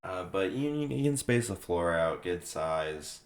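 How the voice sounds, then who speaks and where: A young man with a very low, gravelly voice that is going hoarse as he loses it. He talks in a loose, offhand way, breaks off mid-word and starts his sentences over, like someone casually reacting to a list of prospects. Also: very animated, a little slow. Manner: rambling, restarts often, loose and offhand. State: losing his voice. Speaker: sports video host. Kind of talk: casual draft reaction commentary.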